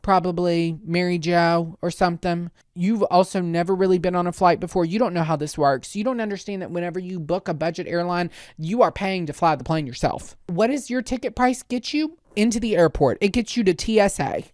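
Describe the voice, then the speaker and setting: A woman hosting a podcast, talking in a casual comedic monologue. Her delivery is sassy and full of exaggerated rants, in a fairly low voice. The sound is dry and close, with no room echo. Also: fairly quick, hardly any pauses, a little mellow. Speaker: podcast host.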